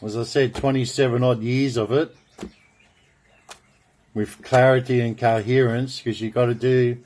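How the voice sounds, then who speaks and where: A man from Australia, delivering a slow, rambling monologue full of grandiose, repetitive proclamations as he draws cards. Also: medium pitch, flat delivery, darkish tone, slight background noise. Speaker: video blogger.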